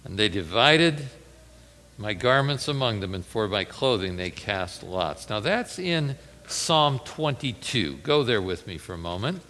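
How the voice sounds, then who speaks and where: A man's voice: fairly low pitch, big pitch swings, measured pace, bright, forceful tone, big-room sound. A man preaching a conversational Bible sermon, reading scripture aloud with rising intensity.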